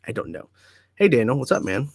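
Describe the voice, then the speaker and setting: A man's voice: mid-range voice, very animated, a little fast, gravelly, breathy edge. A man hosting a casual livestream from home, chatting easily and reading viewer comments aloud before answering them. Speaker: livestream host.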